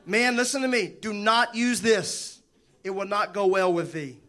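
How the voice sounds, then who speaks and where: Pastor, male, high bright voice, animated and joking in the pulpit. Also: measured pace. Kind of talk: sermon.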